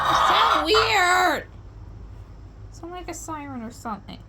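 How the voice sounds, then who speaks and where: A woman with a high, sing-song voice scolds her pet chickens, sounding exasperated. She speaks in a slow, drawn-out way. Loud clucking noise fills the recording behind her. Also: big pitch swings. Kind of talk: casual talk to animals.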